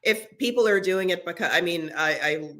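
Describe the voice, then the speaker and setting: A woman's voice: fairly low pitch, moderate pace, a bit bright. A middle-aged woman co-hosting a podcast, talking earnestly in casual conversation with frequent restarts. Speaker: podcast co-host.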